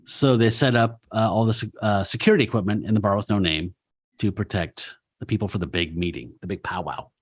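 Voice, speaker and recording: A man's voice: lowish voice, brisk, husky. Casual man recapping comics. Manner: swearing, laughing, acting out quoted characters. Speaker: podcast co-host.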